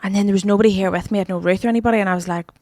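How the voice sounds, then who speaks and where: A woman, co-hosting a podcast and telling stories in excitable casual chat. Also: mid-range voice, very fast, no room sound, clean studio sound. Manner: chatty, excitable storyteller. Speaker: podcast co-host.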